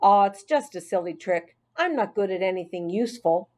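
A woman's voice: medium pitch, expressive, normal speed, lightly acted. A woman voicing a friendly, self-doubting middle-aged male custodian in an audiobook. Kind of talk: audiobook character voice.

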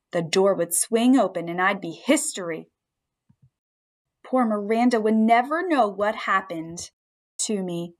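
A woman narrating a children's story aloud in the first person, with expressive storytelling. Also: medium pitch. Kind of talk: audiobook storytelling.

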